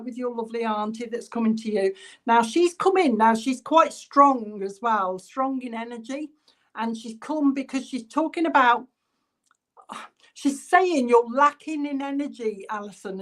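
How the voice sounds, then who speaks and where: A woman, working as a spiritualist medium and chatting through spirit messages while reading live comments during an online church service. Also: on the high side.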